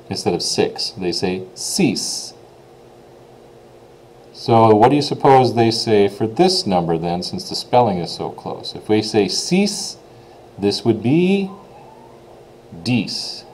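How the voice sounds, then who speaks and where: A chatty man who speaks English natively gives an informal French pronunciation lesson, repeating words slowly and checking in with "okay?". His voice is lowish and a little mellow, and the rough recording carries some hiss or hum.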